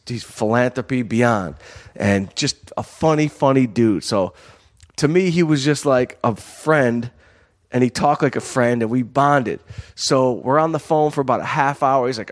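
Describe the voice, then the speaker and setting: A man from Michigan telling a long story in a casual, rambling way, full of "you know" and "like.". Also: medium pitch. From Southfield, Michigan, USA.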